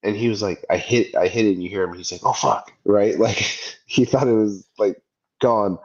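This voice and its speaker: Here a podcast co-host in his thirties, his voice on the low side, spins a story at a moderate pace in casual chat. He's animated and acts out each quoted person, though the audio is dull.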